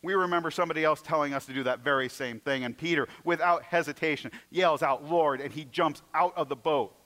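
A man preaching a sermon, retelling stories with acted-out voices and moving between emphatic passages and hushed ones. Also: fairly high pitch, quick pace. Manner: storytelling, acting out scenes in varied voices; swings from loud and emphatic to hushed. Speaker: pastor.

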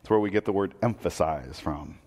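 Earnest preacher with a ringing hall echo. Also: male voice, sits low, fairly quick, a little mellow. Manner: earnest, repeats words when starting sentences. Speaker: pastor. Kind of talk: sermon.

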